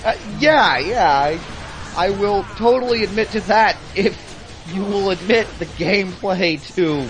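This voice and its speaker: Man, co-host, slow drawl, slightly high voice, sarcastic and jokey, faint game music behind. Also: a little hiss or hum. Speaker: let's play co-host. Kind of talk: casual gameplay commentary.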